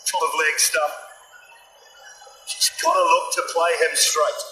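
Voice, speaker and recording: A man commentating live on cricket, moving from stats talk to excited, joking calls. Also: fairly high pitch, unhurried, distant mic, faint music behind, poor audio.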